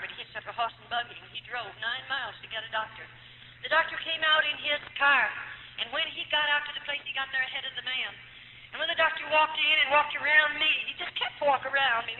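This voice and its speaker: An older American woman giving an earnest, emotional personal testimony to a church gathering, with hesitant fillers. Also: sits high. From United States. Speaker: former nun giving testimony. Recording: tinny old cassette of echoey hall, faint hiss.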